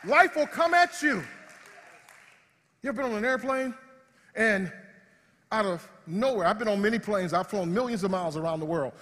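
A pastor preaching with a high, slightly husky voice. He moves from loud shouts of praise to quiet, hushed asides. His words ring out through a large hall with a long reverb. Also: expressive, moderate pace, long pauses, a faint crowd. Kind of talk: sermon.

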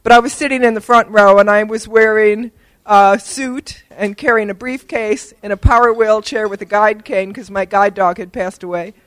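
A woman's voice: mid-range voice, fairly even intonation, moderate pace, dry recording, poor audio. Older woman, wry storyteller accepting an award, dry close sound. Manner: humorous, self-deprecating storyteller with fillers. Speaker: award recipient and disability advocate. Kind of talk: acceptance speech with anecdotes.

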